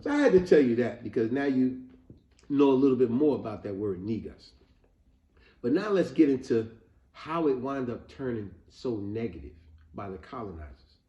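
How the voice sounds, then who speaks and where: Male host, casual storytelling lesson, mellow tone, echoey muffled room sound. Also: medium pitch, moderate pace. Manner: animated storytelling, addresses viewers as family. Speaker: educational video host. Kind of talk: casual spoken history lesson. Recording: roomy, slightly muffled home recording.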